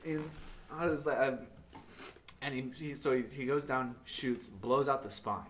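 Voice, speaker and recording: A man's voice: medium pitch, a little slow. Young man rambling a story, far mic. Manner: rambling, lots of filler words, laughs through the story. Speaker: podcast co-host. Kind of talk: casual storytelling chat. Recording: distant mic with loud crowd noise.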